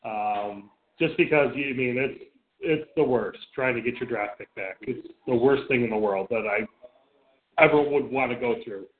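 A man co-hosts a casual sports radio chat, blunt and swearing freely, often stammering and restarting. His voice sits at an ordinary middle pitch. It comes through thin and narrow, like a phone line. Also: normal speed. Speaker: radio show co-host. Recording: phone-like lo-fi sound.

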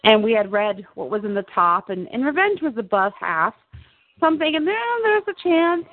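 Speaking at a moderate pace in a fairly high, sing-song voice, a woman hosts a show and chats casually about TV. She laughs frequently and repeats words, and the recording is dry and tinny like a phone line.

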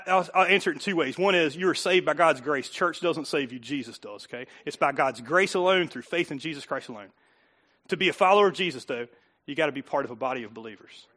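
High, bright-voiced male pastor preaching. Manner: conversational preaching, repeats phrases, jokes with the congregation. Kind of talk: sermon.

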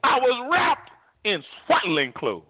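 A man voicing God as a calm, folksy, teasing figure in his sermon. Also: very high voice, slow pace, slightly rough, no room sound, pitched above the performer's own voice, exaggerated voice. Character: God, patient and knowing, speaking to a preacher. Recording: tinny phone-like dry recording.

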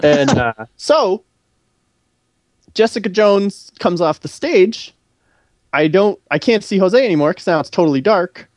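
Animated storytelling podcast man. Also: high voice, measured pace, pauses often, dry recording, clean studio sound. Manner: animated, swears freely, acts out quotes. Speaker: podcast co-host. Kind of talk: casual storytelling chat.

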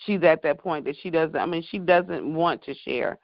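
A man sharing on a prayer call, halting and rambling with many restarts. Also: fairly high pitch, dry recording. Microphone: phone call. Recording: dull lo-fi phone line.

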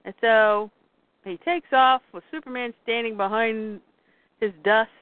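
A woman's voice: a little high, a little slow, no room sound. A woman hosting a podcast, casually retelling a comic story and acting out the characters' lines. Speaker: podcast host. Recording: dry, tinny phone-like line.

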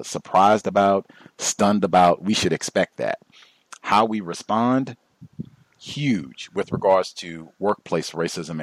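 A man hosting a talk radio show, speaking in a deliberate, emphatic and instructive way. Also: on the low side, no echo.

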